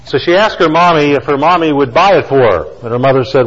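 A man preaching a sermon, telling a story with emphatic lines and slow, quiet stresses. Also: fairly high pitch, long reverb tail, muffled recording. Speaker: pastor.

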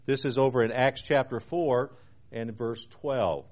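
Male TV preacher-host, earnest teaching delivery, slow emphatic scripture reading. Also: medium pitch, a little mellow. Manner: earnest, reads scripture with slow emphasis, asks rhetorical questions. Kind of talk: televised Bible teaching.

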